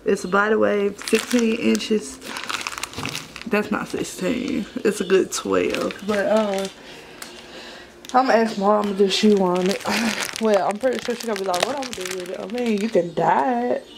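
A woman's voice: medium pitch, fairly even intonation, unhurried, vocal fry, noisy background. A woman in her twenties, chatting casually to her viewers in a loose vlog style. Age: 20s. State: out of breath at times. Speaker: vlogger.

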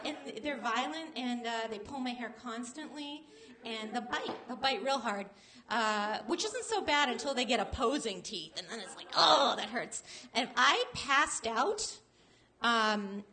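A woman's voice: a little high, animated, unhurried. A woman doing stand-up with a wry, laughing delivery. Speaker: stand-up comic. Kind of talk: stand-up set. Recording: noisy live club recording.

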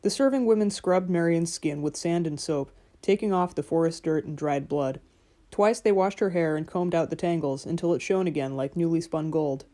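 A woman narrating a fairy-tale audiobook in a measured, gentle storytelling manner. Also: deep voice.

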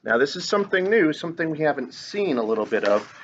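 A man's voice: fairly high pitch, sing-song, quick pace, a little hiss or hum. A man teaching grade school children to read rhythms, chanting note syllables and cheering them on. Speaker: music teacher. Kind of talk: online lesson for children. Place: classroom or home, filmed on camera. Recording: dull lo-fi recording.

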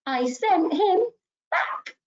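A woman leading a children's story session, talking to toddlers in an animated sing-song way, gasping with delight and coaxing them to join in. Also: very high voice, extremely slow, highs cut off. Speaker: early years practitioner.

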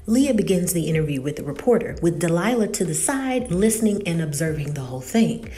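A woman casually recapping a TV episode, retelling the story in an animated way. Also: on the low side, fairly quick, soft background music. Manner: animated retelling with quoted dialogue. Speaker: TV recap host.

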